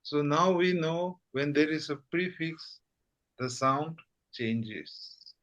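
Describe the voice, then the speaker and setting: Slow, patient male language teacher. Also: a little high, a bit bright, lo-fi sound. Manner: patient, repeats "okay?" often. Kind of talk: online language lesson.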